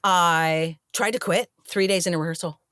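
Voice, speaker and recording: Animated woman telling a backstage story. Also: on the low side, normal speed, no echo, studio quality. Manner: animated, acts out quoted dialogue. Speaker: actress guest. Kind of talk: casual storytelling interview.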